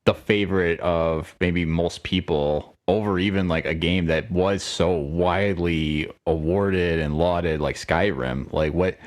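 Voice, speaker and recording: Deep-voiced man co-hosting a podcast. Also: unhurried, hardly any pauses. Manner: rambling, laughs often, many restarts. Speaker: podcast co-host. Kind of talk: casual chat.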